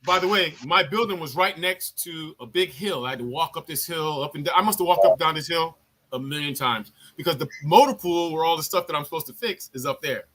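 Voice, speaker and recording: High, bright-voiced man telling army stories. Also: brisk, slight background noise. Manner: profane, animated, acts out other people's lines. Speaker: army veteran telling a story. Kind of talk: casual storytelling on a live chat.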